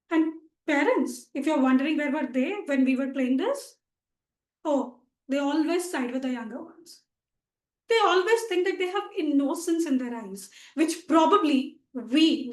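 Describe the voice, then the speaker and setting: A young Indian woman delivers a comic contest speech, telling her story playfully with dramatic emphasis. Her voice is high and she speaks at an unhurried pace. The video call audio has a roomy echo. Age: 20s.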